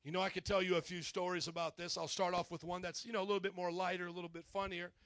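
A middle-aged pastor preaching with a high, gravelly voice and a bright, forceful edge. He tells his story animatedly, acting out each person and calling on the congregation to respond. The sound is close and dry. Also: rapid-fire, no echo. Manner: animated, acts out characters, calls to congregation. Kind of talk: sermon storytelling.

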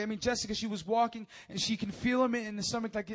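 A young man preaching a sermon, telling a story with emotion and swelling to near shouts at the high points. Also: fast talker, few pauses.

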